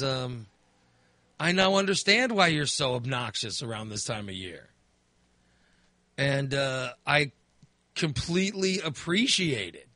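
A middle-aged man chatting casually, telling a story with lively acted-out reactions. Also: a little high, no echo. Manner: animated storyteller, acts out his own reactions. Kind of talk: casual chat.

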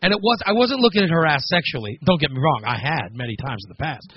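A man hosting a radio show, telling a story on air in a casual, animated, self-mocking way with frequent laughs. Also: a little high, fast talker, muffled recording, a little hiss or hum. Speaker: radio host.

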